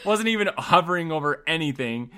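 A man co-hosting a casual chat, chatty and quick to chime in with a laugh. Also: a little high, animated, sharp tone, clear, resonant tone.

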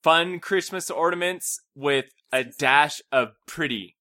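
A man's voice: fairly high pitch, slow, sharp tone. A man in his thirties co-hosting a family vlog, easygoing and chuckling along with his partner. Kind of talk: casual chat.

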